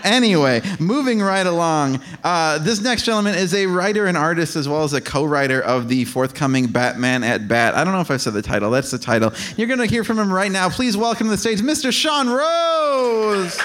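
A man's voice: high voice, expressive, a little fast, few pauses, fairly bright tone. A man hosting a live podcast show on stage, joking and laughing with the performers. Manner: upbeat, laughing banter with guests. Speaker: host. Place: live venue with audience.

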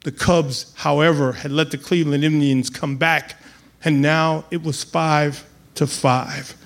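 A man telling a comic personal story live on stage, building to loud excited outbursts. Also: a little high, a little slow. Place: live venue with audience.

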